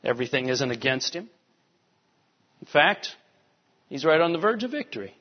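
A male pastor giving an animated sermon, swinging between soft, quiet lines and emphatic rises. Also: a little high, normal speed. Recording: dull sound with long hall reverb.

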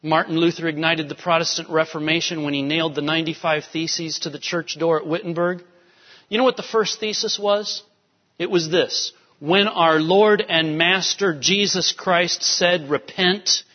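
Man, high pitch, pastor delivering an emphatic sermon, dull recording in a large church hall. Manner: emphatic preaching, rising to urgent peaks. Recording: dull sound with long hall reverb.

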